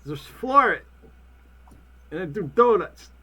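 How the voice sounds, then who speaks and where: High, animated man cursing and joking. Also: slow, breathy edge, dull audio. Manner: loud, profane, jokey outbursts. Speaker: podcast co-host. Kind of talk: casual banter.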